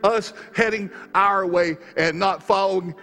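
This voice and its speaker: A man preaching a sermon, telling a story quietly and then building to fervent, rising exhortation. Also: high-pitched, unhurried. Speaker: pastor. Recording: long reverb of a large hall.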